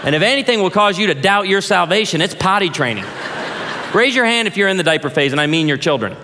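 A pastor in his forties preaches from a stage, his voice a touch high and ringing through a large hall with a long reverb. He teases the crowd and asks for shows of hands, then softens into heartfelt family stories. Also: expressive, fast talker, a little hiss or hum. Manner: playful, addresses the audience directly, jokes then turns heartfelt. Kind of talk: humorous sermon storytelling. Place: large hall or church auditorium, before an audience.

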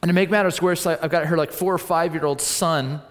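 A man from Southern California preaching a storytelling sermon, acting out voices and swinging from loud to quiet. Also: a little high, steady tone, fairly quick, in a large hall.

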